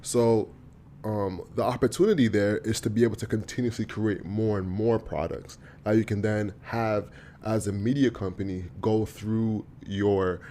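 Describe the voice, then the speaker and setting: A man's voice: on the low side, fairly even intonation, normal speed, mellow, slight background noise. A man hosting a podcast, talking casually with slang while guiding the conversation. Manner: casual, uses slang, steers the talk. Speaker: podcast host. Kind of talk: casual chat.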